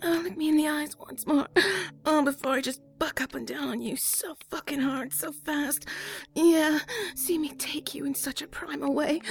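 A woman's voice: sits high, fairly even intonation, moderate pace, a little mellow. A woman performing an intimate erotic audio role-play, moaning breathily and often dropping into whispers.

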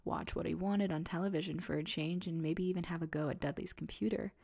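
A woman's voice: lowish voice, steady tone, fast, creaky, darkish tone, breathy edge. A woman voicing a hopeful, mistreated young boy in whispered role-play, earnest and pleading.

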